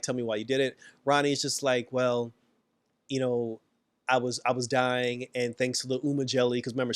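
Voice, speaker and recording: A man casually recapping and reviewing a TV episode, animated, laughing often and acting out the characters' lines. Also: fairly high pitch, no echo.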